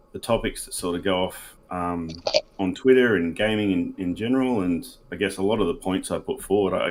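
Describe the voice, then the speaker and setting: Casting: deep-voiced Australian man, excitable fan, faint room noise. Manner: excited, gushing. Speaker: panel guest. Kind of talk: casual podcast chat.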